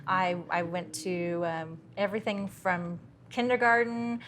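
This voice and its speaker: A woman's voice: fairly low pitch, measured pace, a bit bright, a little hiss or hum. Brief: middle-aged Texan woman, light drawl, cheerful interview guest. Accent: softened Texas accent. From Texas. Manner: upbeat, laughs often, fillers. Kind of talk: casual interview chat.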